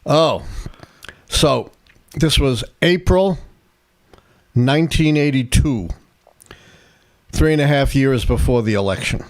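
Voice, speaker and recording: Older male historian, host of a live stream, lively anecdotal delivery with voiced quotes. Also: mid-range voice, takes it slowly, pauses often. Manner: animated anecdotal storyteller, acts out quotes. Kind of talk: live election stream storytelling.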